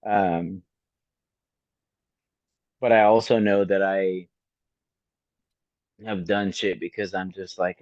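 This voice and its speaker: A man's voice: deep voice, level tone, slow pace, pauses often, darkish tone, dry recording, lo-fi sound. Effusive, cursing man in his forties. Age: 40s. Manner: effusive, emphatic and profane. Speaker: podcast co-host. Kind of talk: casual chat.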